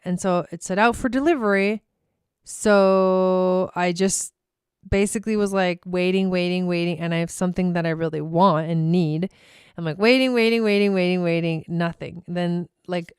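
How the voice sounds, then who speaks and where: Woman tarot reader, casual live chat, smooth clear voice, dry close sound, swears freely. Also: medium pitch, normal speed, no echo. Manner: chatty, swears freely, laughs often. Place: her home.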